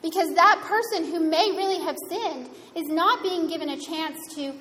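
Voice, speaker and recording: High-voiced woman preaching in a hall. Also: normal speed, fairly bright tone. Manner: conversational, wry and humorous. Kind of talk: sermon. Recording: reverberant hall, faint room noise.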